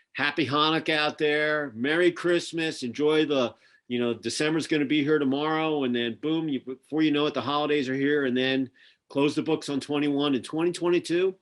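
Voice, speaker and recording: A man with a Philadelphia accent hosting a casual interview over a video call, chatty and rambling with lots of fillers. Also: mid-range voice. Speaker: podcast host. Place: home near Atlanta.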